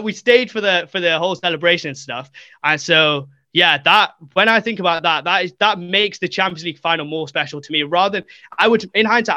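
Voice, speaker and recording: Young man, podcast guest, lively storyteller, high bright voice, dry close sound. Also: dry recording. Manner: animated, acts out quotes, many fillers. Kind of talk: casual storytelling.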